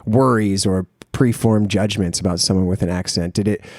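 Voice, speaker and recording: Host: young man, very deep voice, dry close sound, relaxed and teasing interviewer. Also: normal speed, no room sound. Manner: easygoing, teasing, laughs often. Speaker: podcast host. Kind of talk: casual interview.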